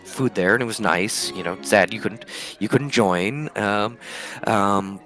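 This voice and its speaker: A man voicing a nervous, flustered woman in a tabletop game, stammering and halting as he talks. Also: on the low side, fairly bright tone, faint music behind.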